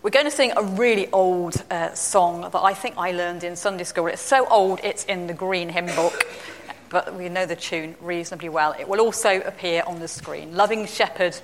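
A woman's voice: lowish voice, normal speed, big-room sound, a little hiss or hum. A woman leading a casual church talk, chatty and self-deprecating, laughing easily.

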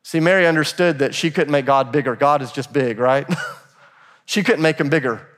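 A man's voice: on the high side, normal speed, fairly bright tone. A man preaching a sermon as pastor, emphatic and repeating phrases as he builds a point. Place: church sanctuary. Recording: long hall reverb.

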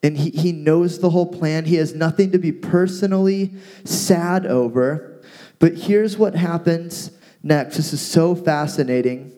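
A man co-hosting a casual talk, retelling a Bible story with playful asides and lively paraphrase. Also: a little high, unhurried. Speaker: podcast co-host teaching from the Bible. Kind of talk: casual Bible teaching chat.

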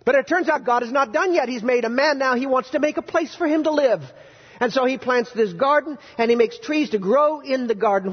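A male pastor preaching a sermon in a church, animated and quizzing his congregation with playful sarcasm. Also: very high-pitched, a little fast, breathy edge. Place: church sanctuary. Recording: dull, reverberant church hall recording.

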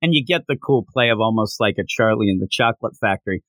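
A podcast co-host recaps a manga chapter in casual, animated chat, acting out the characters' lines mid-story. His fairly low voice moves quickly, with no room sound.

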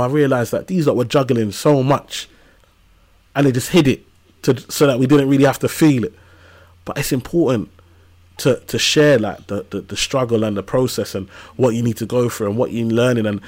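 A man in his thirties, talking as a podcast guest. He speaks in an animated, storytelling way, full of casual slang and everyday asides, at a mid pitch for a man. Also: moderate pace. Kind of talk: casual conversational interview.

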